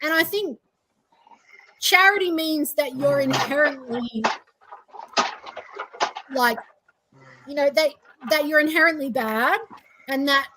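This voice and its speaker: A woman's voice: high-pitched, slow, long pauses, background noise. A woman co-hosting a podcast, talking earnestly and reflectively in casual chat with frequent ums and restarts. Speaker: co-host.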